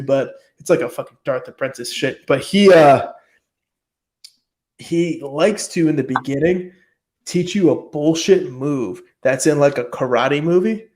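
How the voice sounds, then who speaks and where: A man's voice: medium pitch, a little mellow. A man chatting casually on a podcast, rambling with lots of fillers and frequent swearing. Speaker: podcast host. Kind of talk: casual chat.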